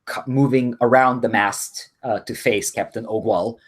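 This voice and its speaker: A man's voice: medium pitch, measured pace. Man as game master, loose narration with lots of fillers. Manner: relaxed narration with frequent um and uh.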